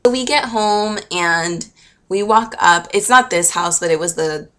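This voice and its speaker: Young woman vlogger, low-pitched, chatty and emotional storyteller. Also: unhurried, bright, forceful tone. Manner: gushing and emotional, chatty with many fillers. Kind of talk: casual storytelling to camera.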